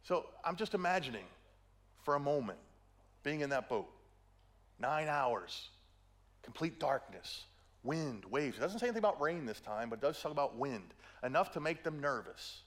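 Delivering a sermon at normal speed, this middle-aged preacher sounds very animated, his voice a little high and fairly bright. Playful stories, acted-out quotes, and a constant "right?" mark his style.

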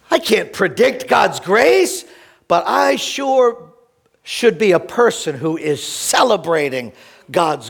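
A man preaching a sermon to his congregation, animated, swinging between emphatic points and hushed asides. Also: high voice, vocal fry. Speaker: pastor.

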